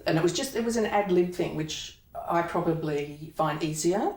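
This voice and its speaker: A woman's voice: lowish voice, moderate pace, a little mellow. A woman, an actor, chatting as a guest in an interview, rambling and laughing often. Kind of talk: casual interview chat. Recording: echoey room, mic at a distance, faint noise.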